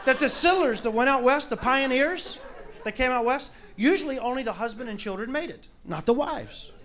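A man's voice: very high voice, expressive, normal speed, crowd noise. A man doing a stand-up comedy routine, brash, crude and mocking, in a noisy live club recording.

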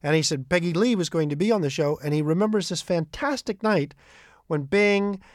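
Male storyteller, high-pitched, animated, dry close sound. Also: fairly quick, no echo. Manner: animated, repeats quoted speech. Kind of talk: retelling anecdotes.

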